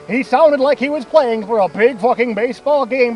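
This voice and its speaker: A young man with a high voice tells a crude, meandering story to his friends. He curses freely and laughs at his own jokes as loud music plays behind him. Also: moderate pace, rough recording. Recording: music playing loudly behind.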